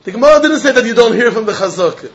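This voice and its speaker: High-voiced man teaching Talmud, lo-fi. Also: racing. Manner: animated, argumentative, mixing Yiddish and Hebrew terms into English; asks students pointed questions. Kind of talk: Talmud class lecture.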